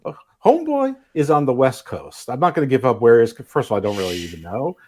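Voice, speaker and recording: A male co-host of a casual podcast whose pitch swings freely, rising and dipping as he stumbles through restarts. He talks in a chatty, halting way and drops dry jokes into the conversation. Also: sing-song, warm tone, husky. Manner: halting, many restarts, dry jokey asides.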